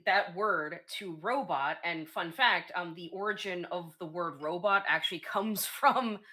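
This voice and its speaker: A woman's voice: fairly low pitch, unhurried, sharp tone. A woman streamer chatting casually, explaining things in a hesitant way with many fillers and restarts.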